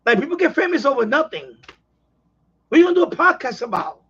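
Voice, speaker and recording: A man's voice: very high-pitched, very animated, fast talker, bright, forceful tone. A man hosting a casual live stream chat, rambling and exasperated as he rants. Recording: dull lo-fi live stream audio.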